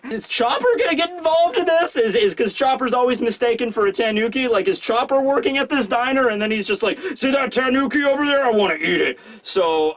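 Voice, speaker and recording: High-voiced man rambling through a review. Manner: animated, rambling, lots of fillers. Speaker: manga review host. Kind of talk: casual video commentary.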